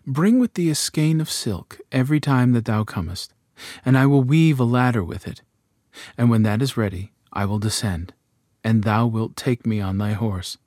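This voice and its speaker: A man voicing a gentle, innocent young maiden in a storybook reading, speaking in a softly raised, earnest voice. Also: mid-range voice, normal speed, no room sound, clean studio sound, natural voice.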